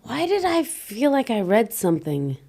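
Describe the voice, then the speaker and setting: A woman's voice: fairly high pitch, very animated, moderate pace, gravelly, dark tone. A woman from Canada, a podcast guest, chatting casually with frequent laughs and rambling restarts. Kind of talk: casual chat.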